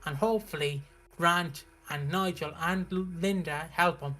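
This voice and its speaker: A British man recapping a soap opera on a stream in a casual, animated way, with frequent restarts. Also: fairly high pitch, normal speed, soft background music. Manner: animated storytelling, acts out characters' lines, frequent restarts.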